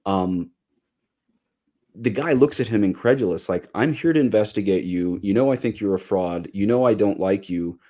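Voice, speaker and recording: A man with a fairly low voice talking on a podcast. He is animated, full of quick asides and mock-quoted lines. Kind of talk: casual chat.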